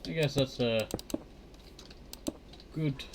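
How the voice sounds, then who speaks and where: A man's voice: medium pitch, extremely slow, noisy background. A man streaming a survival game, counting blocks under his breath and chatting to himself. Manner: mutters counts under his breath, flares up in annoyance at mobs. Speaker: Minecraft streamer. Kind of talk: casual gameplay commentary. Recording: clear keyboard clicks behind the voice.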